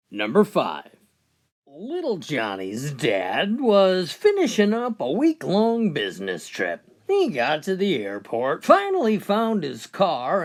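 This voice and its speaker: A woman narrating a countdown of jokes in an animated storytelling manner. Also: on the low side. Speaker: joke narrator. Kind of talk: scripted joke telling.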